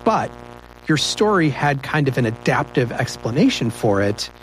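A man hosting a podcast interview, asking questions in a quick, conversational way. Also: mid-range voice, very animated, slight background noise, rough recording. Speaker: podcast host.

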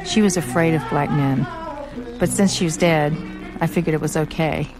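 A woman's voice: deep voice, moderate pace, rough recording. A middle-aged woman narrating a documentary story in a plain, matter-of-fact way. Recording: loud guitar music behind.

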